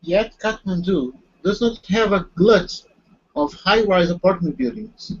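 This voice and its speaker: Guy reading a passage out in class, high husky voice, lo-fi call sound. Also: unhurried. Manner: careful reading, restarts on hard words. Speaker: student. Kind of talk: reading aloud in a language class. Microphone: video call. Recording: dull lo-fi video call audio.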